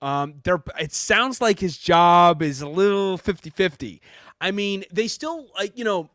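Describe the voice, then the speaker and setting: A man's voice: high voice, unhurried, fairly bright tone, no room sound, studio quality. A man co-hosting a sports podcast, chatty and laughing as he talks through coaching moves. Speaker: podcast co-host. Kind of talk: casual sports podcast banter.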